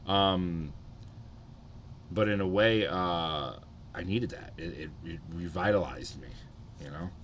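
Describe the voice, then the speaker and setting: A man's voice: low voice, slow, pauses often, a bit bright, slight background noise. A young man streaming live, chatting loosely with his viewers, swearing often and a bit hungover and sluggish. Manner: laid-back, rambling, swears often, greets chatters. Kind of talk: casual live-stream chat.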